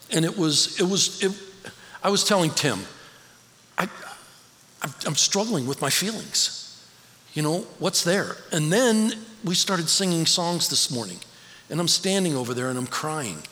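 A man's voice: a little high, lively intonation, unhurried, a bit bright. A middle-aged man giving a conversational, storytelling sermon as a guest speaker in a church. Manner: conversational, storytelling, emotional at times. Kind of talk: personal sermon talk. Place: church sanctuary. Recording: church hall reverb, faint ambience.

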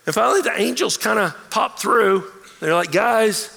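Male pastor, high gravelly voice, lively sermon delivery, church hall reverb. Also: normal speed. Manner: animated, acts out quoted voices.

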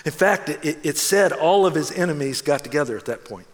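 A man preaching a sermon as an animated storyteller, acting out the voices in his story and dropping to a hush for solemn moments. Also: fairly high pitch, brisk, long reverb tail. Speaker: pastor.

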